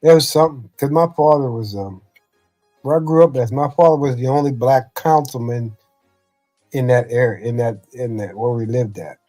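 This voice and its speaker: A man's voice: mid-range voice, moderate pace, dark tone, faint music behind. A middle-aged man, a former football coach, telling rambling family anecdotes in casual podcast chat, often saying "you know".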